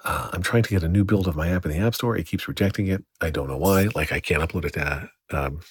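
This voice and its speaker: Deep-voiced man rambling through a podcast story. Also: fast talker, breathy edge, no echo. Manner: rambly, slightly distracted. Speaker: podcast host. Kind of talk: casual solo podcast storytelling.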